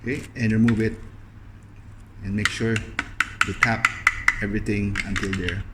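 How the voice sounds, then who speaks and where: A young man talking through a hands-on cleaning demonstration in a loose, casual way, leaning on a steady stream of "okay" between steps. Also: lowish voice, heavy background noise. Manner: loose, fills pauses with frequent "okay". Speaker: video host demonstrating appliance upkeep.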